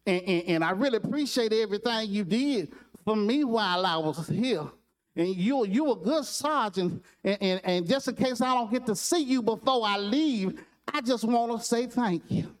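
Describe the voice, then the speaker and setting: A man's voice: sits high, animated. A man doing a naive, stammering young Marine recruit. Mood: apologetic. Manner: halting, apologetic, stammering.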